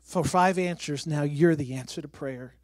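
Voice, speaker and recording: Speaking at normal speed in a slightly high voice, a man testifies in a church sanctuary about his life as a missionary and former pastor. He grows excitable and emphatic, close to tears, with no echo in the recording.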